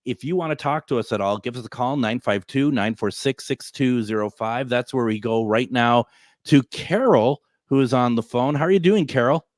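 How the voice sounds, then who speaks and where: A man hosting a call-in radio show, relaxed and using filler words as he moves between callers. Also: medium pitch, normal speed, dry recording, studio quality.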